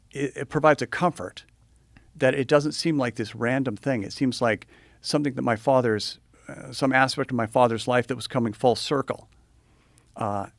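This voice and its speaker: A man speaking in a thoughtful, reflective way, pausing with some hesitation. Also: mid-range voice, no echo, clean studio sound. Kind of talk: reflective conversation.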